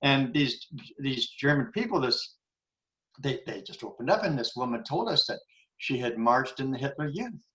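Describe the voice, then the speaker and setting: A man's voice: mid-range voice, sing-song, normal speed, pushed and bright, rough recording. A man in his seventies sharing an earnest, rambling reflection in a group discussion, full of restarts. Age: 70s. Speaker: forum participant.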